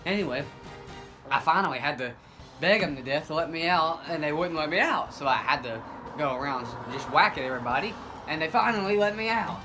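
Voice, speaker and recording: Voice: mid-range voice, expressive, a little fast, over music, poor audio. A comic storyteller telling a rambling, improvised tall tale in a goofy, self-correcting way.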